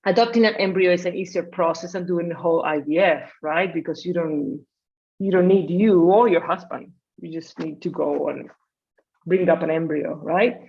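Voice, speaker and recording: A woman's voice: fairly low pitch, normal speed. A woman in her forties, a physician guest, telling her story in a casual interview and acting out her own past lines. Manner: animated, acts out her own past dialogue. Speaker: guest, family medicine physician. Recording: slightly muffled audio.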